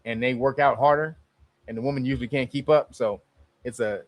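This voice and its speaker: A man's voice: mid-range voice, fairly quick. A man hosting a live stream, talking casually with lots of profanity and sudden bursts of outrage. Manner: profane, excitable, bursts into loud outrage and laughter.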